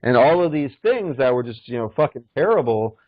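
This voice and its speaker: A man's voice: mid-range voice, sing-song, brisk, dry recording. A man telling a long story in casual chat, rambling and swearing, full of fillers, as a podcast guest. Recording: dull lo-fi recording.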